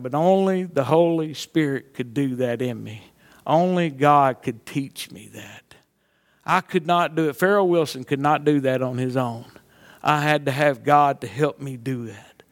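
A man's voice: a little high, measured pace. A middle-aged man, a pastor preaching a sermon with folksy stories that build to fervent exhortation. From Mississippi.

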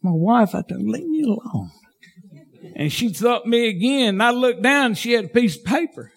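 A man preaching a sermon as pastor, fervent and folksy, swinging from shouts to hushed tones. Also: extremely high pitch, animated, fairly quick.

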